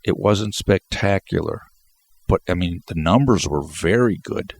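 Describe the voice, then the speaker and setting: A man's voice: deep voice, lively intonation, unhurried, vocal fry, no echo. A congested man rambling through a solo basketball post-game commentary, often restarting his sentences. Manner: rambling, repeats words and restarts.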